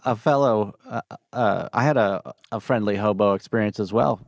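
A man's voice: fairly low pitch, moderate pace, vocal fry, no room sound, studio quality. A man in casual podcast chat, telling an easygoing story.

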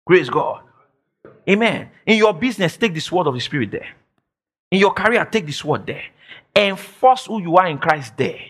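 Emphatic, high-pitched male preacher. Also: very animated, moderate pace, breathy edge. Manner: emphatic, repeats phrases, shouts declarations; quotes imagined listeners in mock voices. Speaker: pastor. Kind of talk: sermon.

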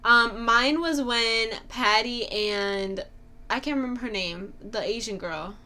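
A young woman with a bright, lifted voice and a crisp edge gossips casually about a TV show. She swears freely and scatters "like" through her sentences. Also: a little high, unhurried. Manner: chatty, swears freely, many "like" fillers. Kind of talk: casual chat recapping a TV show.

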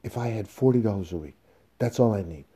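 A man's voice: on the low side, animated, fast talker, husky, pitched above the performer's own voice. A man reading as a desperate aging salesman. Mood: pleading. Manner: pleading, emotional, rising to shouts. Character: aging, desperate male salesman pleading for his job.

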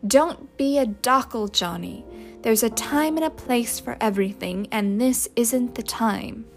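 A woman voicing a worldly young woman who speaks in a soft, comforting voice. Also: on the high side, measured pace, soft background music. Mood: coaxing.

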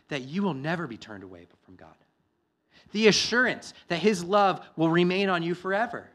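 A male pastor preaching a sermon, moving from quiet, reflective passages to loud, emphatic declarations. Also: high voice, animated, moderate pace.

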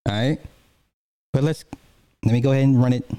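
A man's voice: mid-range voice, steady tone, a little fast, dark tone, clean tone, no echo. A man giving a heated, profane reaction commentary in blunt everyday speech.

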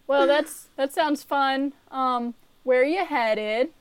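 A woman's voice: high-pitched, slow, no echo. A woman running a tabletop game as game master, teasing the players and laughing often. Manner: giggly, teasing, filler-heavy.

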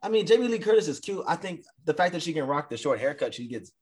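Male podcast co-host, lively pitch, slangy banter, laughs a lot. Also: fast, husky. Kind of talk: casual chat.

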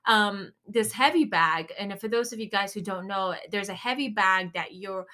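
A woman's voice: medium pitch, moderate pace, pushed and bright. A woman in her thirties hosting a faith-based podcast, telling a story animatedly with vivid exclamations and then turning to encouragement. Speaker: podcast host.

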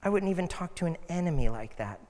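A man's voice: on the high side, expressive, fast, a little mellow, natural voice. A man voicing a stern old Irish grandfather who firmly lectures a boy, with a put-on Irish accent, in an echoey hall. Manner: firm, lecturing.

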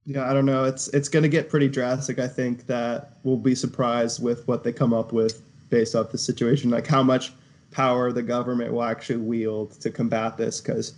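A man of middle pitch talking through his thoughts in a measured, speculative way. He sounds like a relaxed co-host in casual chat. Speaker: podcast co-host.

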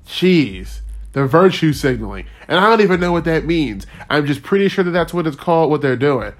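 Speaking on the high side with brisk, animated delivery, this young male host runs a solo podcast. He rants casually, wanders off on tangents, loses track of his thoughts, and laughs softly between points.

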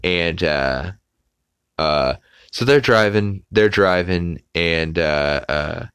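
A man's voice: low voice, takes it slowly, a bit bright, clean tone, dry recording. A young adult man hosting a podcast, casually recapping a cartoon with lots of fillers and the odd swear, on a close mic. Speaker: podcast host.

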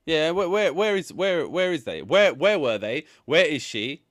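A man's voice: fairly high pitch, animated, a little slow, a bit bright, dry recording, studio quality. A man defending a film in a casual, heated chat, exasperated and swearing.

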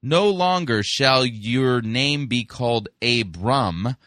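A male podcast host reviewing a sermon in a conversational way, full of fillers, slowing down to stress key words. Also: medium pitch, expressive, fairly bright tone, no room sound, studio quality.

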